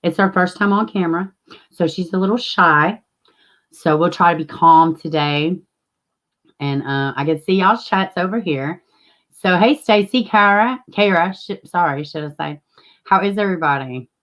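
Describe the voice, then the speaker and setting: A woman's voice: lowish voice, normal speed. A woman, casually chatting with viewers as a livestream host and greeting them by name. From Tennessee, US.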